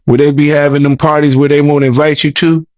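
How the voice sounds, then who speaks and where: A man's voice: on the high side, level tone, brisk, dry recording. A man telling a long story as an interview guest, rambling, repeating words, and talking in loose slang. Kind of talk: casual storytelling.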